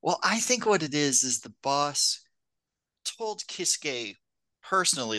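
Bright-voiced man in easygoing chat. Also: fairly high pitch, measured pace, dry recording. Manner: relaxed, hedging with "like" and "I think". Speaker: film podcast co-host. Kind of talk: casual film discussion.

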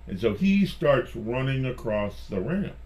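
A man's voice: mid-range voice, measured pace, lo-fi sound. Chatty man telling an anecdote. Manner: chatty, animated storyteller who restarts phrases. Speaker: magician guest. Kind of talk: personal storytelling in conversation.

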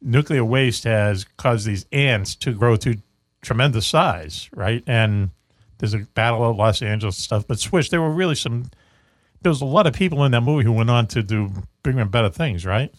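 A male talk-radio host rambles through casual chat, full of fillers and little laughs. His voice sits at an ordinary pitch. The sound is dry and close, with no room echo. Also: animated, normal speed. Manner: rambling, chuckling, many fillers.

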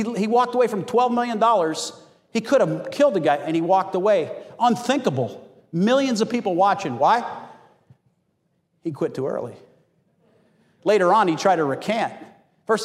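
Male pastor, preaching sermon, animated storytelling, slightly high voice, long hall reverb. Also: moderate pace. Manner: animated storytelling, acts out quotes. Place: church hall.

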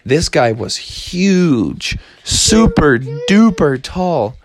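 A man improvising a playful bedtime story, slipping into silly high voices for his excitable prankster hero. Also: very slow, creaky.

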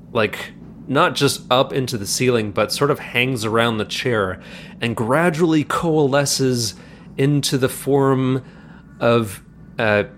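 Male game master, halting descriptive narration, mid pitch, light room ambience. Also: slight background noise.

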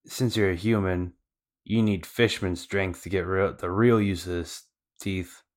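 A man's voice: sits low, fairly even intonation, a little slow. A man voicing a boastful male fishman villain, in an offhand, retelling way. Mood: mocking.

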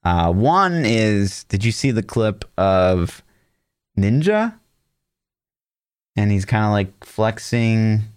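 Young dude on a podcast, low voice, chill and wry, lots of likes and ums, dry sound. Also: male voice, big pitch swings, slow, long pauses, clear, resonant tone, dry recording. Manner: laid-back, filler-heavy, wry. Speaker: podcast co-host. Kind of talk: casual chat.

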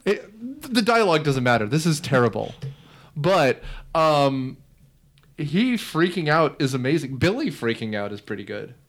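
Sleepy dude on a podcast, kinda high voice, rambling and snarky. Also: male voice, very animated, unhurried. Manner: rambling, wry, sarcastic asides. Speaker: podcast co-host. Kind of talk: casual chat.

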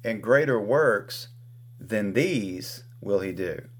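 A man hosting a conversation, teaching on scripture in a measured way with frequent restarts. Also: fairly low pitch, expressive, slightly rough. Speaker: host.

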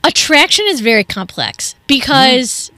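Brief: woman co-host, chatty and rambling, unhurried delivery, bright tone. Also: high voice, sing-song, no room sound, faint music behind. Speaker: radio co-host. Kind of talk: casual radio banter. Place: radio studio.

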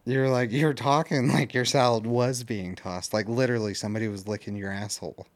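A man's voice: mid-range voice, steady tone, a little fast, no echo. A man co-hosting a podcast, trading crude jokes with a friend, laughing and swearing often. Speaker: podcast co-host. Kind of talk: crude casual banter.

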